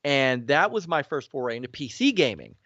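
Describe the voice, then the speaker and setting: A man's voice: brisk, no echo. A man in his forties, a guest telling stories in casual chat, acting out quotes animatedly. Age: 40s. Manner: animated, acts out quotes with big pitch swings. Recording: dry, slightly dull sound.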